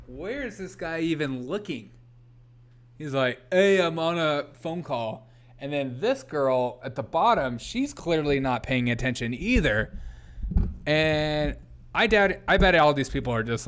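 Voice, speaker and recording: A man's voice: medium pitch, a bit bright, clear, resonant tone. A man hosting a casual commentary show, mocking the clips he plays and laughing often.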